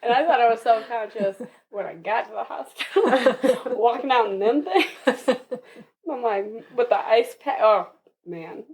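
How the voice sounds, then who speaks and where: A woman's voice: a little high, measured pace, a little mellow. A young woman, a podcast guest, telling her birth story casually and with animation, laughing often and acting out what others said.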